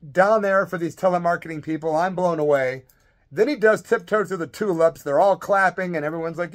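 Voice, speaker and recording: A middle-aged man, a former rock musician, telling a rambling, animated story in a casual vlog. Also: on the high side, moderate pace.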